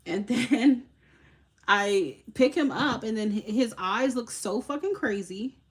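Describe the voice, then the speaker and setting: A young woman of Haitian background hosting a tarot live stream, telling a story in a casual, animated way with lots of swearing and laughter. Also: on the high side, slow.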